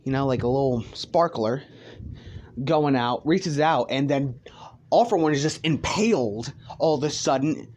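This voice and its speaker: Young man, unhurried delivery, casual storyteller, crude jokes and rambling asides. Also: medium pitch, darkish tone. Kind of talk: casual fan-fiction narration.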